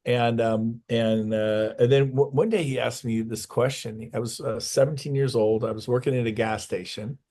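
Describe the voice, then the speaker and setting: Animated man telling a story. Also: medium pitch, normal speed, hardly any pauses. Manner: animated storyteller acting out quoted voices. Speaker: real estate coach, guest. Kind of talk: storytelling in a casual interview.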